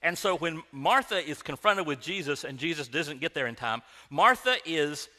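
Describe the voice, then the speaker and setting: A man's voice: on the high side, animated, normal speed, sharp tone, big-room sound. A man preaching in a conversational, joking style, speaking directly to his congregation in a church sanctuary. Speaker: pastor. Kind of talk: sermon.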